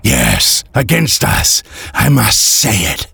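A man voicing a tormented male demon who answers in a halting, unwilling way. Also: mid-range voice, very animated, gravelly, bright, forceful tone, breathy edge, full character voice. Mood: grudging.

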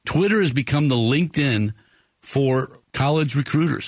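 A man's voice: medium pitch, moderate pace, no room sound, studio quality. A man hosting a casual sports talk radio show, rambling and enthusiastic, often restarting his sentences.

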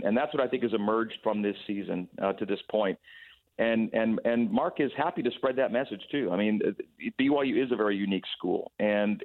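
A man talking over a sports radio phone line, thoughtful and full of restarts and repeated words. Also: lowish voice. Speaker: radio play-by-play guest. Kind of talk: sports radio call-in chat. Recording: tinny phone-line sound.

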